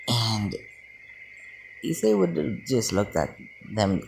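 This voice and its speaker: A man's voice: on the low side, sing-song, takes it slowly, vocal fry, pauses often, a little hiss or hum. A young man casually telling a fan story, rambling with fillers and slang.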